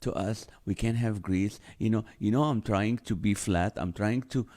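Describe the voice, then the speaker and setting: A man's voice: on the low side, normal speed, warm tone, lightly acted. A man voicing a nagging, scolding stomach. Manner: scolding, lecturing tone.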